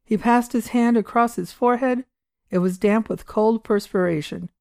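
A woman reading a short story aloud in a measured, even storytelling manner. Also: a little high, vocal fry, no room sound, clean studio sound. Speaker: audiobook reader. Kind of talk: storytelling narration.

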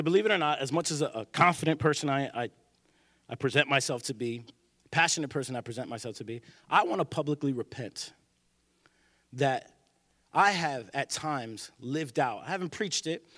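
A male pastor preaching a sermon in a church, animated and joking, acting out the voices of people he quotes. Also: medium pitch, dry recording.

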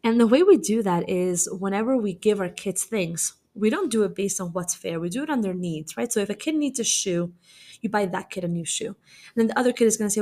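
A woman's voice: medium pitch, expressive, brisk, dark tone. A young adult woman hosting a podcast as a dating coach and matchmaker. She speaks in a casual, conversational way, telling stories and using many fillers like "you know". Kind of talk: casual advice monologue with storytelling.

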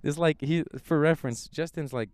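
A young man co-hosting a podcast, telling stories with loud high-pitched impressions of other people. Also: normal speed, clean tone, no room sound, clean studio sound. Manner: animated storyteller, yells high when quoting people. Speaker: podcast co-host. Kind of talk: casual chat.

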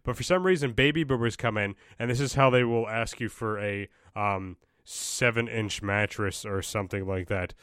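A young man ranting on his own podcast, swearing freely and restarting sentences in exasperation. His voice sits fairly low. The recording is dry and close. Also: normal speed, hardly any pauses, fairly bright tone, clean tone, dry recording. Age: young adult. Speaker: podcast host. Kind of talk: casual ranting solo podcast.

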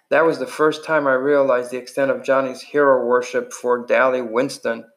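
A man reads a novel chapter aloud in an unpolished way, stumbling and restarting now and then. His voice sits at an ordinary middle pitch for a man, steady like a home reading. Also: moderate pace, hardly any pauses. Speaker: reader.

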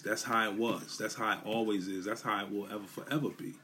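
Low-voiced, profane New podcast host. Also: male voice, fairly even intonation, fairly quick, few pauses, pushed and bright, a little hiss or hum. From Brooklyn, New York. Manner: loose, emphatic, profane street talk. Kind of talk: casual solo podcast monologue.

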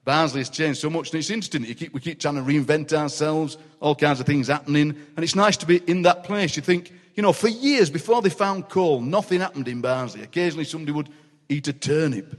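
Yorkshireman in his 60s, comic storyteller, fairly high voice, big hall reverb. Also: fast. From Yorkshire, England. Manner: animated, laughing anecdotes with voices. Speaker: guest poet. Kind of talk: comic storytelling in a live interview. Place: large city hall, live audience.

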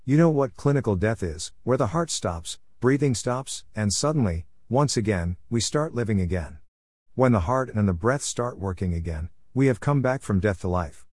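Male narrator, lowish pitch, earnest measured testimony read, dry close sound. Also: animated, darkish tone, no room sound. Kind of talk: scripted voice-over narration.

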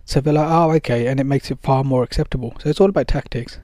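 A man's voice: medium pitch, steady tone, fast talker, warm tone, dry recording. A man giving casual spoken advice in a loose, conversational way, full of fillers and acted-out dialogue.

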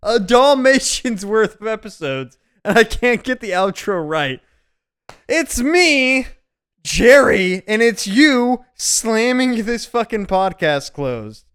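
Guy hosting a podcast, high smooth voice, loose and swears a lot. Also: very animated, slow pace, a bit bright. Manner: loose, laughing, profane. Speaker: podcast host. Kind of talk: casual podcast chat.

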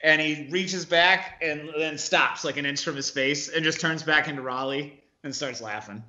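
A man's voice: a little high, normal speed, pushed and bright, echoey room, dull audio. A man playing a tabletop game over a video call, narrating his character's actions loosely with lots of likes. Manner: loose, storytelling, many likes. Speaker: player.

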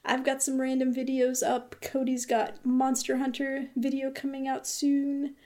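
A woman's voice: high-pitched, monotone, measured pace, warm tone. Chatty woman co-hosting a gaming podcast. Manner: chatty, hesitant, many fillers. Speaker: podcast co-host. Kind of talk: casual chat.

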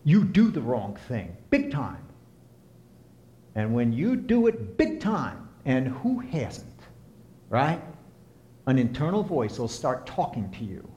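A man preaching a sermon and counseling as he talks, impassioned, swinging from soft to emphatic. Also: mid-range voice, sing-song, slow, long pauses, lo-fi sound. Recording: echoey room.

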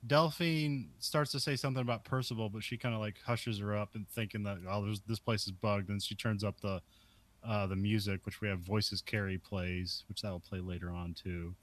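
A man's voice: fairly low pitch, steady tone, moderate pace. A man co-hosting a podcast, casually recapping film scenes and chuckling often. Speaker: podcast co-host.

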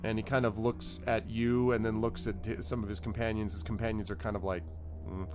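A man's voice: fairly low pitch, brisk, over music. Amused man running a tabletop game. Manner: relaxed, amused, acting out guards and characters. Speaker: game master.

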